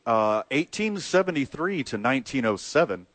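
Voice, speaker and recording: A man's voice: fairly low pitch, very animated, normal speed, no echo. A man co-hosting a casual sports chat, tossing off wry, playful one-liners. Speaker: podcast co-host.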